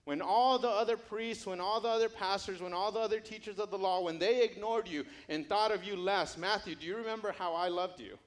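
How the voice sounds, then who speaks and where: A man's voice: high-pitched, fairly quick, few pauses, voice pushed up, close to an everyday voice. A man voicing Jesus as an earnest teacher who questions his disciple in repeated, searching lines that swell into urgent appeals.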